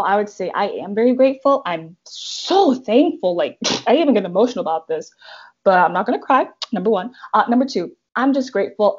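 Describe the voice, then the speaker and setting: A woman's voice: medium pitch, muffled recording. A young woman talking casually about her faith, chatty, with lots of fillers. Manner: chatty, fillers, emphatic counting. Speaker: panelist.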